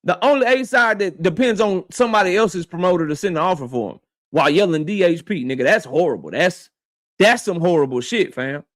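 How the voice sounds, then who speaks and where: A man with a high-pitched voice rants as a boxing channel host, speaking straight to the person he is calling out. He is confrontational and swears freely. He hammers each point by saying it more than once. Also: lively intonation, fairly quick, no room sound, studio quality. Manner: confrontational, profane, repeats his points; addresses his target directly. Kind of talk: heated commentary rant.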